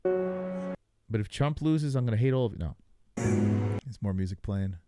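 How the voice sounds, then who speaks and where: A man's voice: on the low side, lively intonation, measured pace, loud music behind the voice. A young man hosting a live stream, reacting to results in loose, joking chatter and talking to his chat. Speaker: livestream host. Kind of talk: casual live reaction commentary.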